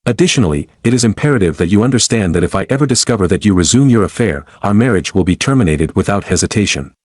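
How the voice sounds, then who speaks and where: A man narrating a first-person story in a formal, measured, cold and deliberate way. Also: on the low side, lively intonation, a little mellow, no echo.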